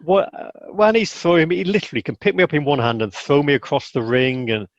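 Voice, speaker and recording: Quick and somewhat high-voiced, a man guesting in an interview tells stories casually with no echo on the dull, dry, lo-fi recording. He acts out the people he quotes with animation and restarts his sentences often.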